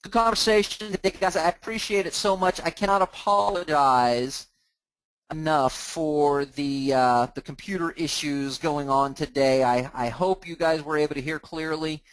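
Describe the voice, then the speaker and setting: A man hosting a live training, talking casually as he clicks through software on his screen and restarting words now and then. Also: fairly high pitch, normal speed, no room sound, low-quality recording. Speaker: host of a mortgage training group.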